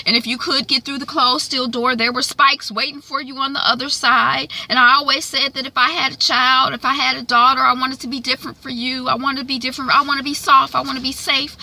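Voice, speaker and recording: A woman voicing a worried mother pleading gently with her teenage daughter, reading her lines earnestly and dramatically from notes. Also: sits high, voice pushed up, full character voice.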